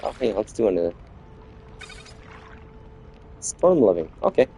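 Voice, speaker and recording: Laid-back male streamer, low-pitched, rambling chat to his viewers. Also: measured pace, a little hiss or hum. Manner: relaxed, rambling, chats with viewers while playing. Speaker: game streamer. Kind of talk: casual gameplay commentary.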